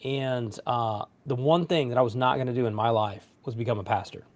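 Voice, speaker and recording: Speaking briskly at a medium pitch, a man in his thirties who is a pastor shares a personal story on a relaxed panel. He tells it with animation, voicing the quotes himself.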